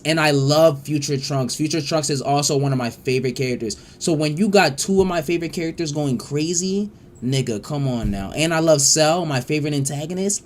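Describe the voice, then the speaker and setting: A man giving casual reaction commentary as a streamer, excitable, profane and rambling with frequent restarts. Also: medium pitch, a little hiss or hum.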